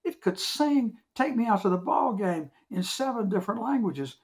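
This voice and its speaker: A man's voice: high-pitched, lively intonation, normal speed, voice pushed up. A man voicing an upset older man who pleads with his friend in a raised, agitated voice. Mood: exasperated.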